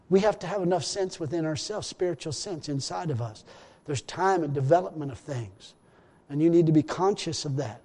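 A man's voice: a little high, expressive, brisk, warm tone, in a large hall. A man preaching a rambling, repetitive sermon in a church, full of hallelujahs. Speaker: pastor.

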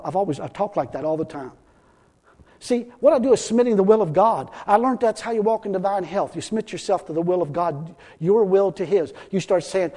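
A man preaching a sermon as pastor, talking conversationally, repeating himself and swelling louder for emphasis. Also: high voice. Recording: long hall reverb.

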